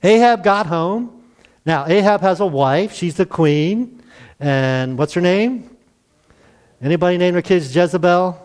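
A middle-aged male pastor retelling a Bible story in a folksy, animated sermon, acting out the quoted voices with chuckles. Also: sits high, a little slow, clear, resonant tone.

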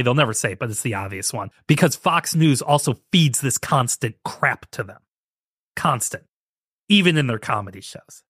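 A man's voice: mid-range voice, fairly bright tone, no echo, studio quality. A man hosting a podcast, giving sarcastic commentary and mocking impressions in a casual, ranting way. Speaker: podcast host.

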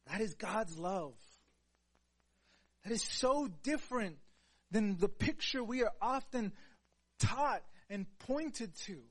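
A man preaching a sermon in an earnest voice, dropping to a hush and then rising to louder, emphatic lines. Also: sits high, animated, takes it slowly, long pauses, breathy edge. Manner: earnest, swings between soft hushed passages and louder emphatic ones.

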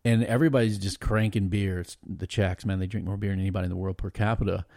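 A man talking as a podcast guest, telling stories in a rambling, animated way with lots of restarts. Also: low voice, fast, creaky, dry recording, studio quality. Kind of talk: casual storytelling chat.

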